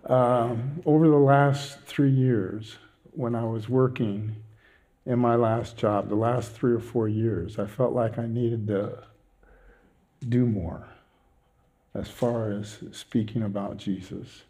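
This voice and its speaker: Animated storytelling man, mellow voice. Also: medium pitch, slow. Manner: animated storytelling, self-mocking humor. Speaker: pastor. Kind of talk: personal testimony from the pulpit.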